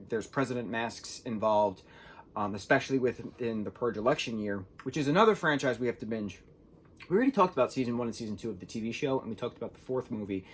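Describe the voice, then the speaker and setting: A man's voice: medium pitch, slightly rough. A young man casually reviewing a film, rambling and filling his talk with "like". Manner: rambling, says "like" a lot.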